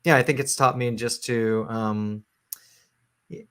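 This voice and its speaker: A man's voice: mid-range voice, steady tone, measured pace, a bit bright, clear, resonant tone. A man, a comic book writer, talking about his work in an interview, with many fillers and restarts. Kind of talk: casual interview talk.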